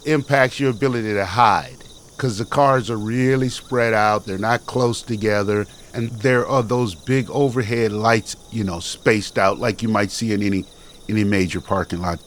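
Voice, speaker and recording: A man telling a personal story, vivid and animated, with repetitions and acted-out quotes. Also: lowish voice, a little hiss or hum. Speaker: storyteller and show host.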